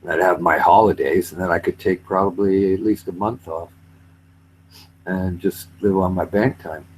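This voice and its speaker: A man chats in a rambling, easygoing way, his voice sitting low. A faint hum runs under the recording. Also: steady tone, normal speed, poor audio. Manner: rambling, mimics accents for laughs. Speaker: retired railway worker. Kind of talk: casual chat.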